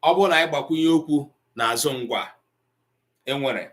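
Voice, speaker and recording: A man teaching an online language class, pausing often with ums as he explains tone. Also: fairly high pitch, a bit bright. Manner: slow, deliberate, with frequent ums and pauses.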